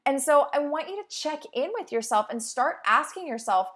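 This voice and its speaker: A woman's voice: high-pitched, expressive, normal speed, a bit bright. Upbeat woman giving motivational talk. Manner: upbeat, encouraging, conversational with acted-out inner voices. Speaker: podcast host and fitness instructor. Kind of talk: motivational monologue.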